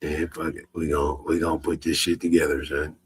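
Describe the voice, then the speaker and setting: A man's voice: rumbling low, level tone, moderate pace, husky. A man in a profane livestream rant, cursing heatedly and mocking his critics with bursts of laughter. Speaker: social media streamer.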